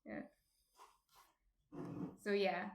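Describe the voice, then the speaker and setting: A woman with a New Jersey accent hosting a casual live cooking stream from home, chatty and quick to laugh as she reads out chat messages. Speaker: stream host, baker. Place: home apartment. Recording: roomy echo.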